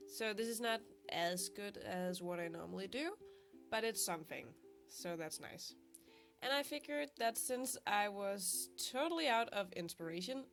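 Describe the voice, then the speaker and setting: A young woman talks through her drawing in a sick, stuffy voice, chatty and quick to laugh at her own struggles. Her pitch sits in an ordinary middle range. Soft guitar plays faintly behind her. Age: young adult. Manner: chatty, self-deprecating, laughs often. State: sick, congested voice. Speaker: art vlogger. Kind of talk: casual voice-over while drawing. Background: soft guitar music.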